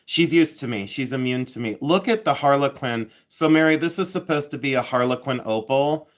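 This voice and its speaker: A man's voice: mid-range voice, normal speed. Playful fifty-something man on a livestream. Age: 50s. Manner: playful, self-mocking, teasing viewers by name; hums and scats tunes. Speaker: livestream host. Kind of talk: casual live chat.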